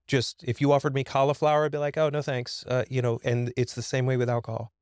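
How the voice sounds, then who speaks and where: A man's voice: medium pitch, fairly even intonation, quick pace, darkish tone, clear, resonant tone, dry recording. A man in his fifties tells a personal story as a podcast guest. He is earnest and emphatic, often repeating words when he gets going. His voice sits mid-range and sounds dry and close to the mic.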